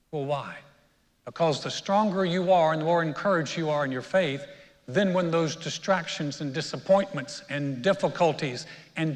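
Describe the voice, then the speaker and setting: Storytelling pastor in a reverberant church. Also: male voice, fairly high pitch. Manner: storytelling preacher, builds to emphatic peaks. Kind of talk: sermon. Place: church sanctuary. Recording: long reverb of a church hall.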